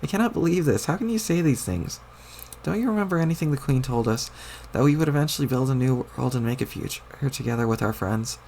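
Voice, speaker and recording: A man's voice: mid-range voice, fast talker, darkish tone, a little hiss or hum, close to an everyday voice. A man reading a webcomic aloud, putting on the voice of a bossy, exasperated young girl who scolds and swears. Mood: indignant.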